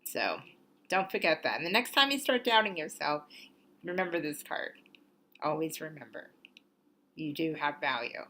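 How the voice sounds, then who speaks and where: Low-voiced woman giving a card reading. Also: animated, normal speed, pauses often. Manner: warm encouraging, rambling with ums and laughs. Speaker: oracle card reader, channel host. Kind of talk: casual spiritual video talk.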